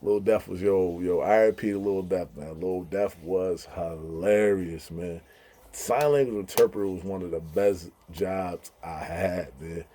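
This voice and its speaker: A man's voice: low-pitched, a little slow, slight background noise. A man casually telling funny prison stories, laughing and mimicking the people he talks about. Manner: animated, laughing, mimics others' voices in quotes. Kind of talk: casual storytelling.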